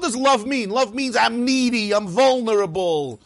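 A high-pitched, husky male voice swinging widely up and down as he lectures. He fires off rhetorical questions and laughs at his own points. The sound is close and dry. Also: expressive, moderate pace, few pauses, no echo. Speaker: rabbi teaching a class. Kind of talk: lively Torah lecture.

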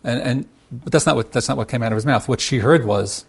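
A man's voice: mid-range voice, fast talker, gravelly, slightly rough. A man speaking as a marriage counselor, teaching with examples and acting out both spouses' words, often repeating and restarting. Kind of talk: teaching talk with acted-out examples.

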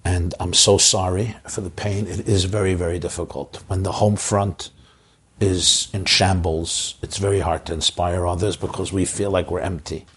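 A man who is a rabbi, giving an inspirational Torah talk to community leaders with an impassioned delivery that leaps up in pitch for emphasis. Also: little pitch movement, normal speed, fairly bright tone, husky.

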